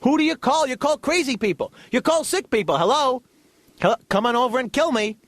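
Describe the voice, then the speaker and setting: A man voicing his own suspicious, complaining older father from New York, in a high, exasperated, whiny voice. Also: expressive, brisk, no echo.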